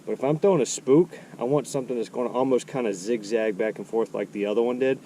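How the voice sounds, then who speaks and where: A man giving casual fishing tips, explaining his approach step by step in a relaxed way. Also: medium pitch, fast, a little hiss or hum. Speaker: angler.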